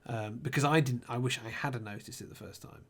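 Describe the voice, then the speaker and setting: A man's voice: medium pitch, a little fast, a bit bright. A man chatting on a podcast, recounting scenes in a rambling way with lots of ums and restarts. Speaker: podcast co-host. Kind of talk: casual chat.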